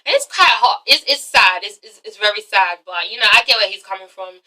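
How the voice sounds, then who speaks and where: A woman's voice: mid-range voice, expressive, fairly quick, sharp tone, low-quality recording. A woman recapping a TV episode in a chatty, sassy, profane vlog. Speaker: TV show reviewer.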